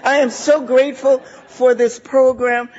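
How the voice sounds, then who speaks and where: A woman's voice: sits high, level tone, a little slow, darkish tone, highs cut off. An older woman giving a heartfelt, laughing personal share at a recovery meeting, full of "you know" asides.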